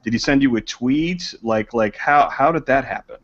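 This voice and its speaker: A man's voice: medium pitch, normal speed, a bit bright. A man hosting a casual video-call interview, enthusiastic and full of exclamations. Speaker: host. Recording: dull lo-fi call audio.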